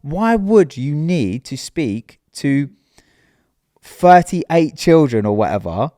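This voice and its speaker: A man's voice: a little high, sing-song, takes it slowly, dark tone, dry recording, studio quality. A man co-hosting a podcast, chatting casually in an emphatic, indignant way. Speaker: podcast co-host. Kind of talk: casual chat.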